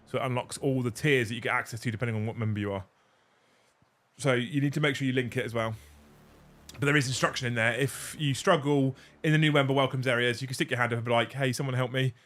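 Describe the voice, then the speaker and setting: A man's voice: mid-range voice, steady tone, fast talker, a bit bright. A man hosting a casual livestream, laid-back and swearing freely as he reads out viewer messages. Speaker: livestream host.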